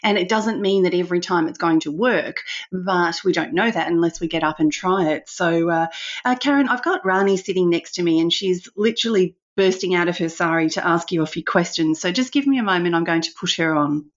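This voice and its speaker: A woman's voice: lowish voice, a little fast, dull audio. A woman hosting a podcast, affirming and encouraging her guest. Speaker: podcast host. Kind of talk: casual interview chat.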